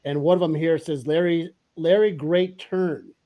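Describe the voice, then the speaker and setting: A man's voice: fairly high pitch, steady tone, measured pace, mellow. A man hosting a podcast in casual chat, rambling and eager with lots of fillers. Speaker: podcast host.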